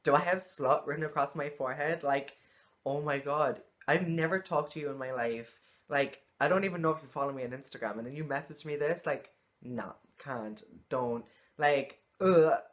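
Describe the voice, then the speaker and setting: A woman's voice: sits low, normal speed. A woman talking frankly to camera in a casual vlog, exasperated and swearing freely. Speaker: vlogger.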